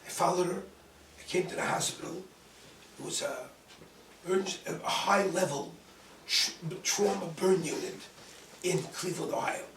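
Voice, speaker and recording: A man's voice: sits high, moderate pace, long pauses, a bit bright, slight background noise. A man, a rabbi, telling a personal story in a dramatic way, quoting himself with force. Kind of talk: storytelling talk. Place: event hall. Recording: distant mic in an echoey room.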